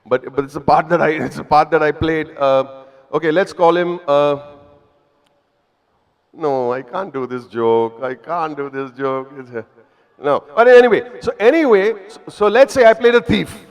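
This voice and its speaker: A man's voice: on the high side, measured pace, smooth. Indian man telling stories in a hall. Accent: Indian English. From Mumbai, India. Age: 50s. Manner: playful, self-deprecating, chatty. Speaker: actor speaking at an evening event. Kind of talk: humorous storytelling to a live audience. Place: event hall before an audience. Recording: long reverb of a live event hall.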